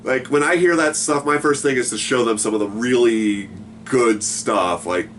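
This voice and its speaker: A man's voice: mid-range voice, normal speed, a bit bright, slight background noise. A man co-hosting a casual chat, easygoing and filling his talk with "like". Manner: easygoing, many fillers, laughs along. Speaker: co-host.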